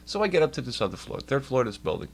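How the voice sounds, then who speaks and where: A man's voice: medium pitch, very animated, rapid-fire, gravelly. A young man streaming live from home at his computer, telling a long, profane, complaining story to his chat. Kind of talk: casual rambling rant to a stream chat.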